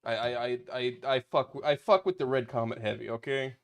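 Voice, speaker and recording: A man at an ordinary pitch streams a story game, reading its lines aloud between jokes. He swears freely and trips over his own words with quick restarts. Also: smooth. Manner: joking, profane, stammering restarts. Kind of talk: casual let's-play chat, reading game text aloud.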